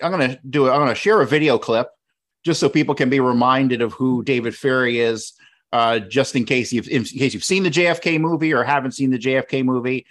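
A man's voice: medium pitch, fairly quick, fairly bright tone. A man hosting a talk show, speaking loosely with many fillers and restarts. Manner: loose, restarting, with lots of "uh" and "right?". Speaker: podcast host. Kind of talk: casual talk.

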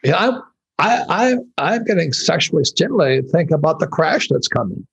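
A man's voice: fairly high pitch, normal speed, gravelly, slightly rough. A man in his seventies from Hawaii, a guest in an interview, telling blunt stories with profanity and laughter. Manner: profane, animated storytelling, laughs while talking. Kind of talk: blunt casual interview talk.

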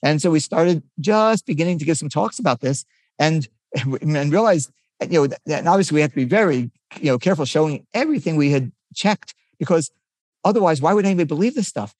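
A man's voice: fairly high pitch, expressive, fairly quick, a little mellow, dry recording, studio quality. An older man, a physicist guest, explaining his research eagerly in a conversational interview, often restarting his sentences.

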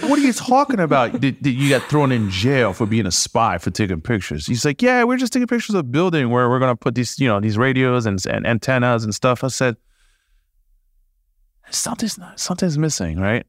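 A man, a podcast guest, telling stories casually in an animated way, laughing and acting out dialogue. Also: mid-range voice, a little fast, hardly any pauses, dry recording. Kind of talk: casual storytelling.

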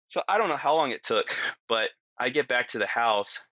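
A man telling a long personal story in casual chat, animated, acting out quotes and often adding "you know" and "right". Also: mid-range voice, normal speed, dry recording.

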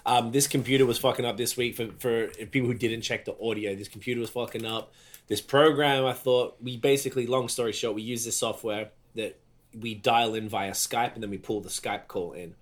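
A man's voice: mid-range voice, steady tone, brisk. Sweary joking Australian man. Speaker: podcast co-host. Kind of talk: casual chat.

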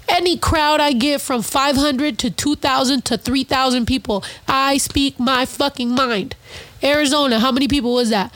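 High-voiced woman venting bluntly. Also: fairly bright tone, no echo. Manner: blunt, heavy swearing, emphatic. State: upset after crying. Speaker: podcast host. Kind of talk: emotional podcast rant.

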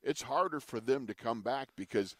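A former athlete co-hosting a casual sports talk, relaxed and joking. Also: male voice, mid-range voice, normal speed, no echo.

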